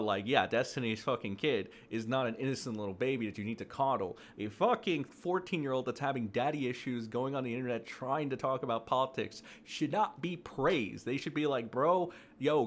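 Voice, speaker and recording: A man's voice: medium pitch, a bit bright, a little hiss or hum. A man ranting through casual commentary, profane and exasperated, full of fillers and mocking quotes. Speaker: commentary streamer.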